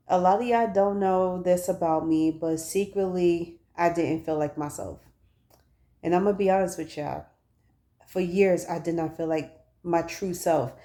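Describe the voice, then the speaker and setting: A woman in her thirties chats casually and candidly with viewers in a personal vlog shot on a phone, telling stories in a frank, talkative way. Her voice is fairly low and mellow.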